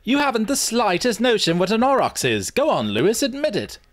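A man's voice: high-pitched, wildly swooping pitch, a little fast, no echo, voice pushed up. A man voicing a mocking, know-it-all young man who needles his friend. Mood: needling, smug. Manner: derisive, needling.

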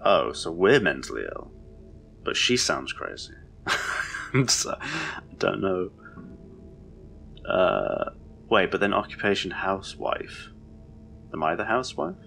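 A man's voice: deep voice, big pitch swings, takes it slowly, creaky, pauses often, bright, forceful tone, a little hiss or hum. A man giving rambling, confused, sweary commentary as he plays a horror game. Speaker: let's play host. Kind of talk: gameplay commentary.

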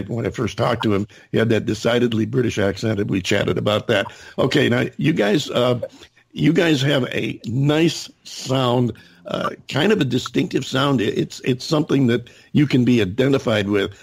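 A male podcast host with a husky, slightly breathy voice at a middle pitch. He runs a casual interview, stumbling through fillers and restarting his sentences as he goes. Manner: hesitant, many fillers and restarts.

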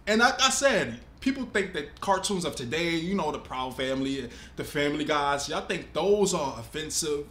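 A man hosting a reaction video, talking in an animated, emphatic, casual way. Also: a little high, normal speed, few pauses. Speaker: host. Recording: echoey room with faint ambience.

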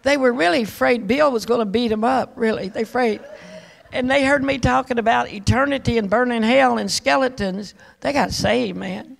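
Gravelly older woman evangelist telling stories. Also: on the high side, moderate pace. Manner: folksy, animated storytelling with chuckles; repeats words and restarts often. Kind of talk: testimony storytelling.

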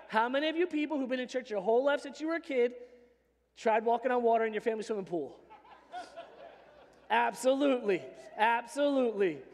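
A man preaching a sermon as pastor, animated and joking in a conversational way. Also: extremely high pitch. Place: church sanctuary. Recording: long reverb of a church hall.

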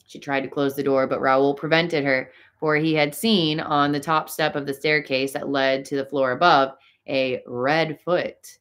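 Low-voiced woman narrating dramatically. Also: clear, resonant tone. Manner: expressive, dramatic reading. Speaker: audiobook narrator. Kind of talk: audiobook narration of a classic novel.

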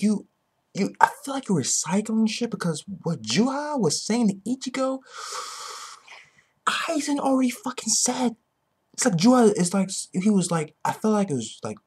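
A man ranting excitedly about a manga chapter, swearing constantly and repeating himself. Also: high-pitched, moderate pace, noisy background. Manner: excitable, heavily profane, repetitive. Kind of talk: ranting reaction commentary.

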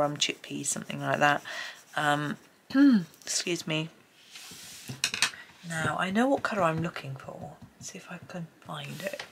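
A middle-aged woman with a British accent talks her way through a colouring session in a loose, rambling way. Her voice sits low, with a gravelly edge. She often trails off into near-murmurs. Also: slight background noise. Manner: soft-spoken, rambling, drifts into murmurs. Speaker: colouring channel host. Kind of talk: casual chat while colouring.

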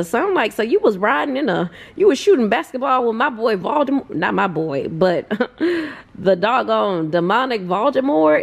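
A young woman chats through a casual reading vlog with a gravelly edge to her voice. She is expressive and slangy, laughs easily and swears freely, and sits at a mid pitch. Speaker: book vlogger.

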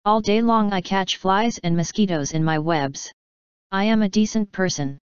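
A woman's voice: mid-range voice, normal speed, clean tone, no room sound, close to an everyday voice. A woman voicing a melancholy, dignified female spider who talks in a mournful, sighing way. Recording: slightly dull, dry recording.

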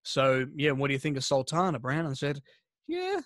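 A man's voice: mid-range voice, fairly even intonation, fast, a bit bright, no echo, clean studio sound. A man, co-hosting a podcast and rambling through stories in casual chat. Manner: rambling storyteller with fillers. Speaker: podcast co-host.

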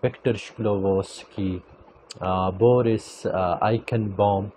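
A man giving an academic lecture, speaking deliberately and repeating key phrases for emphasis. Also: on the low side, steady tone, warm tone, slight background noise, rough recording.

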